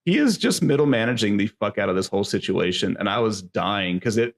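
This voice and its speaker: A man's voice: fairly low pitch, animated, brisk. A man co-hosting a podcast, rambling through a casual movie review and swearing freely. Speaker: podcast co-host.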